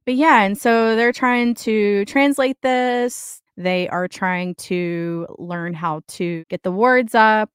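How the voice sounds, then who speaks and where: A woman's voice: medium pitch, clear, resonant tone, no room sound. Young woman gushing about a book on a podcast, acts out the lines, dry close sound. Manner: animated, acts out characters' lines while recapping. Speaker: podcast co-host. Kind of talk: casual book chat.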